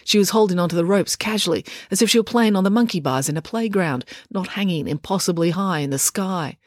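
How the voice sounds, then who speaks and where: A woman, narrating a children's audiobook in an expressive storytelling manner. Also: on the low side, a little fast, no echo, studio quality. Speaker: author and narrator.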